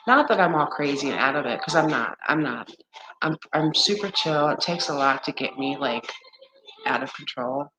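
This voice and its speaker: A woman in her forties or fifties chatting casually on a livestream, candid and blunt, swearing freely, talking straight to her viewers and acting out friends in high, exaggerated voices. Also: normal speed, pauses often, background noise. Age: 40s to 50s. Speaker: livestream host.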